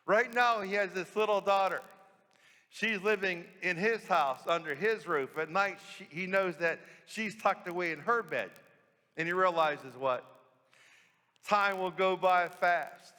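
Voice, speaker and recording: Priest telling a story in his homily, bright voice, big church echo. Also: sits high, unhurried. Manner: warm storytelling with rhetorical questions. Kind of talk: sermon storytelling. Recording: long church reverb.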